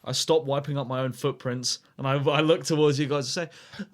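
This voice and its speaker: A man's voice: mid-range voice, fairly even intonation, a little fast, few pauses. A man playing a tabletop game, chatty and a bit jumpy. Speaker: player.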